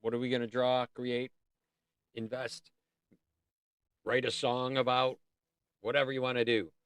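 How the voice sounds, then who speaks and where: A man's voice: medium pitch, flat delivery, measured pace, fairly bright tone, smooth, dry recording. A man hosting a casual art livestream, rambling and easily sidetracked, breaking off to sing bits of songs. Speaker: livestream host.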